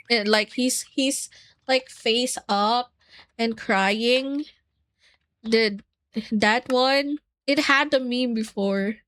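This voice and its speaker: Slow-talking playful woman streamer. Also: a little high, fairly bright tone. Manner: playful, chatty, squeals and laughs often. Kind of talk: casual gameplay chat.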